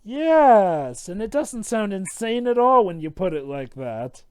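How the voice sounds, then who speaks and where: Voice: medium pitch, sing-song, a little slow, darkish tone, smooth, dry recording, studio quality. A speaker doing jokey, casual group commentary while watching a movie. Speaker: commentary co-host.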